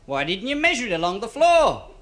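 Male stand-up comic, high and lively, bright tone, quick gag delivery. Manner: lively joke delivery with quoted voices. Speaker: stand-up comedian. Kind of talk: stand-up joke telling.

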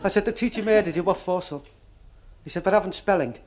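A man's voice: sits high, fast, a faint crowd. A man doing stand-up, telling jokes about his son and voicing their talk. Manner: chatty family anecdotes with acted dialogue. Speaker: stand-up comedian.

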